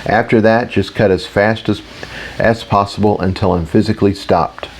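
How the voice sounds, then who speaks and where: A man narrates a fantasy audiobook in the first person. His reading is steady and matter-of-fact, in a fairly low voice. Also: normal speed, slight background noise.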